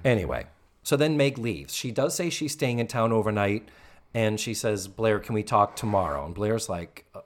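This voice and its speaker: Guy co-hosting a chatty podcast, lively up-and-down voice, keeps doing little character voices. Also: fairly low pitch, normal speed. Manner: animated, quotes characters in put-on voices. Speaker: podcast co-host recapping a sitcom. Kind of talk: casual chat.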